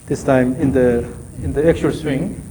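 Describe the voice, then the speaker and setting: Mellow-voiced man coaching a golf drill. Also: mid-range voice, unhurried, a little hiss or hum, rough recording. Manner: calls out short repeated drill cues, then explains. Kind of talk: live coaching session.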